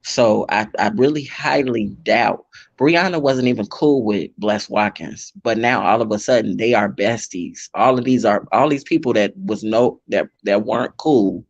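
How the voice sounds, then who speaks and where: A man chatting casually about gossip, speaking in a slow, deliberate, cautionary way. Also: fairly low pitch, no echo, highs cut off.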